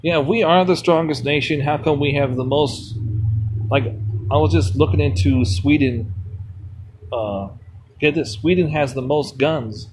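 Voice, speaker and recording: A man's voice: fairly high pitch, measured pace, a little hiss or hum. A man streaming a mobile game, rambling bluntly between chat replies and swearing freely. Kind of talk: rambling casual chat while gaming.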